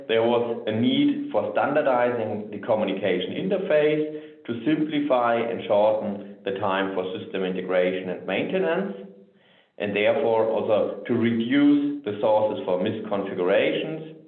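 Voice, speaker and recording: A man giving a technical webinar presentation, talking in a measured way with frequent "so" and "um" fillers. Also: fairly low pitch, expressive. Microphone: remote webinar audio. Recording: tinny phone-like line, roomy echo.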